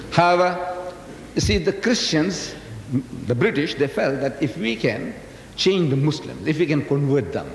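An older South African man with a big, carrying voice lectures a hall crowd, bouncing his pitch up and down as he teases and quizzes his listeners. He sits a little high for a man. The sound rings around a large, echoey room over a faint hiss. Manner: animated, teasing, asks the audience questions; booming, carrying voice. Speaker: public speaker. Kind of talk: lecture to a live audience. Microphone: PA microphone.

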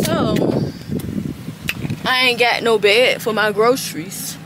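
A woman's voice: a little high, steady tone, slow, pauses often. A young adult woman talking casually to her viewers as a lifestyle vlogger, chatty and addressing them directly. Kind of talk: casual vlog narration to viewers. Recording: noisy outdoor and car background.

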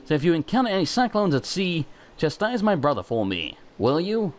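A man's voice: fairly high pitch, very animated, brisk. A man voicing a cheerful male wind god, a frog-like figure in a cloud, as he reads game dialogue aloud in a chummy, folksy way.

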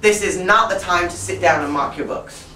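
A woman's voice: on the low side, normal speed. Woman giving teachers tips from a distant mic. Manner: lively, laughing, acts out pupils' voices. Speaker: teacher trainer. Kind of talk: workshop talk to fellow teachers. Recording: roomy sound from a distant mic, faint room noise.

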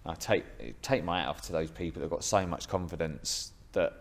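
A man's voice: sits low, steady tone, moderate pace. A man who is a podcast guest, answering in a reflective, modest and hesitant way. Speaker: podcast guest, former footballer. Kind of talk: casual interview answers.

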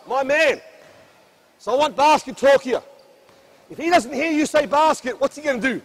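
Man coaching basketball, high-pitched voice. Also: expressive, normal speed, pauses often. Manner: barks short commands, then explains at length. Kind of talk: coaching a practice drill. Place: indoor basketball court.

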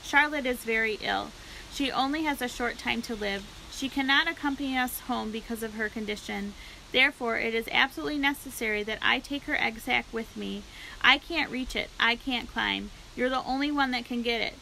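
A woman's voice: on the high side, normal speed, vocal fry, bright, forceful tone, slight background noise, low-quality recording. A woman voicing a young male pig who is earnest, emotional and pleading, in a storybook read-aloud. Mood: frantic. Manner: pleading, cries out often.

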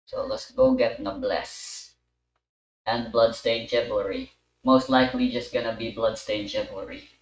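A man casually talking through a gameplay recording and chatting with a friend, relaxed and mumbling to himself. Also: fairly low pitch, a little slow, a little hiss or hum. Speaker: gamer recording a playthrough. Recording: roomy, distant from the mic.

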